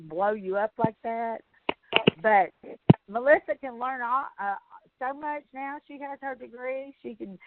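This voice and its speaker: A woman's voice: on the high side, no room sound. A woman, hosting a sales training call in casual, rambling, folksy chat. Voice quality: chatty, rambling, folksy storyteller. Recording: tinny phone line.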